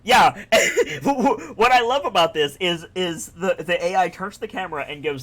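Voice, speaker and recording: Male, raised pitch, excitable casual game chat, laughs a lot. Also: normal speed. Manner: excitable storyteller, laughs often, swears casually.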